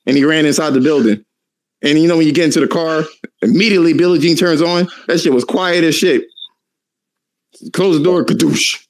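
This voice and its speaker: A man's voice: on the high side, fairly quick. A man hosting a casual podcast, ranting animatedly and cursing a lot. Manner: profane, animated ranting with laughs. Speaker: podcast host.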